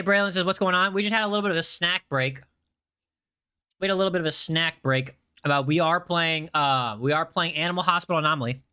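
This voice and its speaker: A man's voice: a little high, bright, forceful tone, clear, resonant tone. A man casually chatting on a game livestream, reading chat aloud and often repeating himself.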